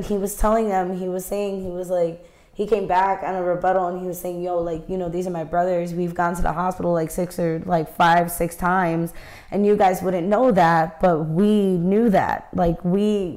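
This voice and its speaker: A woman's voice: fairly low pitch, flat delivery, normal speed, darkish tone. A woman co-hosting a casual podcast, telling a long story in a rambling way, full of fillers and restarts. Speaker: podcast co-host. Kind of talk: casual chat. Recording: roomy echo.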